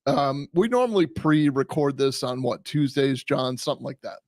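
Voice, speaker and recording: A man co-hosting a live podcast, getting over the flu, speaking haltingly with many restarts. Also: medium pitch, lively intonation, a little mellow, no room sound, clean studio sound. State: recovering from flu. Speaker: podcast co-host.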